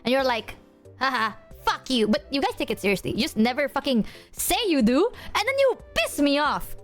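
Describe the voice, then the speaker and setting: Give me a young woman streamer with a high voice that leaps all over, chatting casually with her viewers. She is bubbly, laughs a lot and curses without a second thought. Faint music plays behind her. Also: big pitch swings, fairly quick. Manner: bubbly, swears freely, laughs often.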